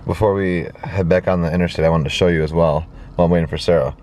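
A man's voice: sits low, fairly even intonation, quick pace. A young adult man co-hosting a travel vlog, talking in an easygoing, rambling way from a car on a road trip. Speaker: vlogger co-host. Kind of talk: casual travel vlog chat. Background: loud music.

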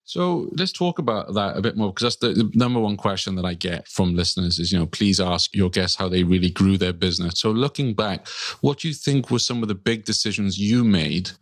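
A man's voice: low voice, fairly quick, no echo, studio quality. A man hosting a podcast, chatty and encouraging as he talks with a guest. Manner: chatty, encouraging, with fillers and laughs. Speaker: podcast host. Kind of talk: casual podcast interview.

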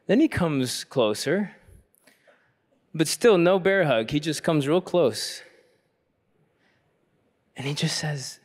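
A man's voice: expressive, slow pace, long pauses. A man, a Catholic priest, giving a workshop talk at a youth conference, telling a personal story in a reflective, earnest way and growing fervent as he preaches. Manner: rises to a fervent pitch when preaching.

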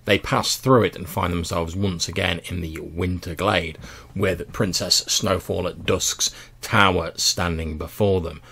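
A man's voice: low-pitched, steady tone, measured pace, creaky, sharp tone, a little hiss or hum. A man narrating as game master of a tabletop role-playing game, easygoing and descriptive.

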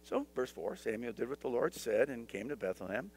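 A man's voice: medium pitch, animated, fairly quick, slightly rough. A male pastor teaching a Bible study in a conversational way, with humorous asides and dramatized scripture voices.

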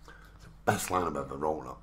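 Speaking fairly quickly in a bass voice, this community radio host has a Salford accent from the North of England. His chatty, working-class style leans on "innit" and lots of "do you know what I mean".

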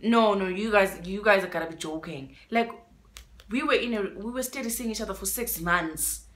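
A young South African woman tells a story-time vlog in a mid-range voice at a moderate pace, her tone fairly bright. She's emotional and dramatic, repeating words for emphasis and moving between English and isiXhosa.

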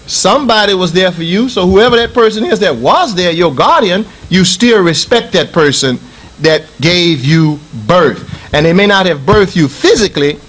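A man's voice: sits high, expressive, moderate pace, fairly bright tone, slightly rough, low-quality recording. A middle-aged man from the United States giving a Friday sermon as imam in a mosque, preaching emphatically with repetition and reciting Arabic scripture.

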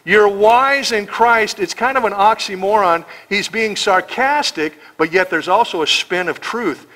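An American pastor preaches a verse-by-verse expository sermon, emphatic and sarcastic, firing off rhetorical questions. His voice sits high and sharp at a moderate pace. The audio quality is poor.

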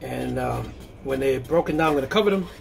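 A man speaks briskly at medium pitch with some vocal fry. Hosting a home cooking video, he works in his kitchen, chatting and thinking aloud, with frequent okays and restarts.

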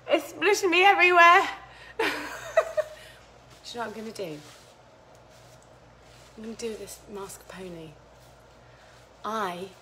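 A woman's voice: a little high, bright, forceful tone. A woman hosting a home cooking vlog, chatting casually to viewers, giggly and chaotic, swearing freely as she talks through a recipe in her kitchen. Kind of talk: casual chat to live viewers while cooking.

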